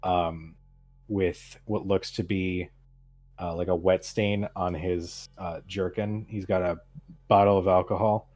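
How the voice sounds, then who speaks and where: Low-voiced male game master narrating. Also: slow. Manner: relaxed, hesitant with fillers.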